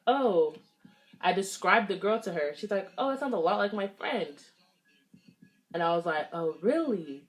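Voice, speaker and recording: A young woman from the Los Angeles area tells a story while she does her makeup. Her voice sits a little low, and her manner is chatty and animated. She switches into voices for the people she quotes. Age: young adult. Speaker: beauty vlogger.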